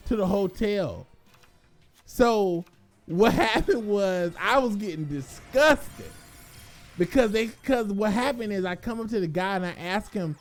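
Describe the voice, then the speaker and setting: A young man telling a vacation story in a casual, animated rant, swearing and laughing. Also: sits high.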